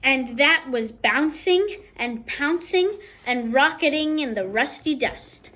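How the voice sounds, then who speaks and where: High-voiced woman reading a picture book. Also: slow pace, low-quality recording. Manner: expressive, explains words to young listeners. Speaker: storybook reader.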